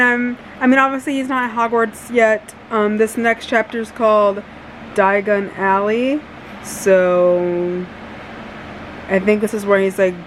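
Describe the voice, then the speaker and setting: A woman's voice: mid-range voice, low-quality recording. A young woman chatting casually to her camera at home, full of "like" and "um", with a fan running in the room. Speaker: vlogger. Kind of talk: casual reading-update vlog. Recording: steady fan hum behind.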